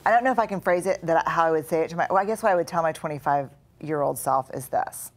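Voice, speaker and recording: Woman, low deep voice, middle-aged, earnest storyteller, studio conversation. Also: fast. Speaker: guest author and researcher. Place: studio with live audience.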